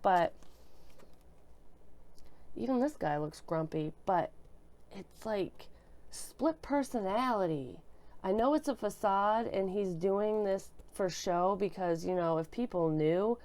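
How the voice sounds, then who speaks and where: A woman's voice: mid-range voice, slow, long pauses, a little mellow. A woman reading tarot cards as a medium, talking bluntly and emotionally with lots of swearing and restarts, into a desk microphone. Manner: blunt and profane, emotional, thinking aloud with many restarts. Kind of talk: casual tarot reading to camera. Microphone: desk microphone she bumps.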